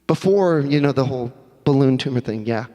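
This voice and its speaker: A man preaching a sermon as pastor, in a conversational, animated storytelling manner. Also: medium pitch, brisk. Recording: long hall reverb.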